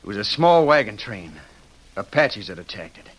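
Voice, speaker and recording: An actor playing a rugged cowboy posing as a marshal in a 1940s radio drama, earnest and defensive. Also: male voice, lowish voice, sing-song, normal speed, fairly bright tone, rough recording. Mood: tense.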